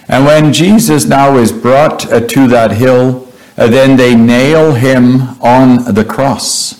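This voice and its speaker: Man preaching, slow deliberate delivery, pauses, mid pitch. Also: darkish tone, poor audio. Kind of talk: sermon.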